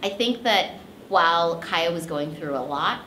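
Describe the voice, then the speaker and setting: A woman's voice: on the low side, lively intonation, measured pace, sharp tone, a little hiss or hum. Chatty woman telling a story in an echoey room. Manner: chatty, many "like" fillers, laughing asides. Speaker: voice actress guest. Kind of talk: casual interview storytelling. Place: convention interview room.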